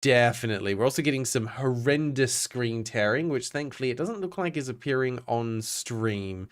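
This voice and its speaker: A man's voice: medium pitch, moderate pace. An Australian man streaming a game, chatting casually and reading on-screen text aloud with self-mocking asides. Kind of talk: casual gameplay commentary.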